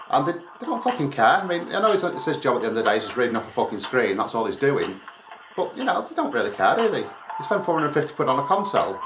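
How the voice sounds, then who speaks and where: A man venting angrily to his viewers while on hold with customer support, swearing a lot. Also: mid-range voice. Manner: angry, swearing, exasperated. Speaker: gaming website owner and YouTuber. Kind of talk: venting to camera during a support call. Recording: echoey room with clear background noise.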